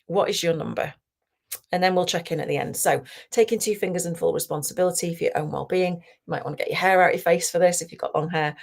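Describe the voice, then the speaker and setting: A woman coach leading a guided tapping session, talking slowly and soothingly and often dropping to a whisper. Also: lowish voice, gravelly. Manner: slow, soothing, softly guiding with whispered phrases.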